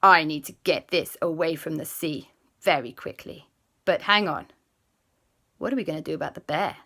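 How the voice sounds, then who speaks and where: A woman voicing a calm female scientist friend in a children's story, speaking earnestly and reassuringly. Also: sits low, moderate pace. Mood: urgent.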